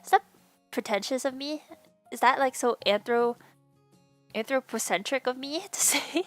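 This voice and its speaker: A young woman with a lisp and some vocal fry from a sore throat, chatting casually to her stream, rambling with lots of fillers and sudden laughing squeals. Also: high voice, moderate pace, fairly bright tone, soft background music. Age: young adult. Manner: rambling, many fillers and restarts. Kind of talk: casual chat to a live stream.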